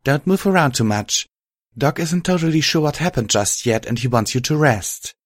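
A man voicing a caring young female pony with a soft, raised, soothing voice. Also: a little high, expressive, normal speed, no echo, clean studio sound, voice pushed up.

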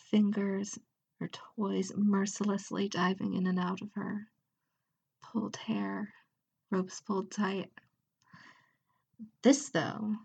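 A woman reading an intimate audio story aloud, softly and often at a whisper. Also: mid-range voice, creaky, husky. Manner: soft, slow, often whispered. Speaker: narrator.

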